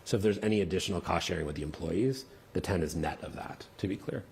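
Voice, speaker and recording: A man with a deep voice walks a town board through budget numbers at a public meeting. He explains carefully and often restarts his phrases. A faint hiss sits under the recording. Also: expressive, quick pace, gravelly, a little mellow. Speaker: town official presenting budget. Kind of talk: meeting discussion.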